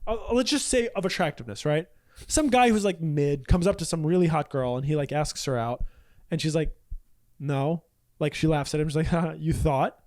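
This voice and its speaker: A man co-hosting a podcast, chatting casually in a crude, joking way and quick to laugh. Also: fairly high pitch, darkish tone. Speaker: podcast co-host. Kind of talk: casual comedic debate chat.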